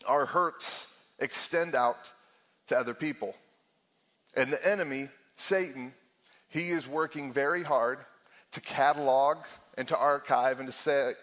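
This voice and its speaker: A man's voice: mid-range voice, fairly bright tone. A middle-aged man preaching a sermon as lead pastor, candid and self-deprecating, often laughing and acting out his own thoughts.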